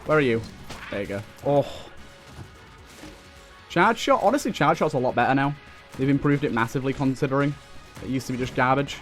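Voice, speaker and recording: A young man giving excitable running commentary while playing a video game, talking back to enemies on screen. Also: medium pitch, fairly quick, long pauses. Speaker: let's play host. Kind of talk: gameplay commentary. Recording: faint game music behind.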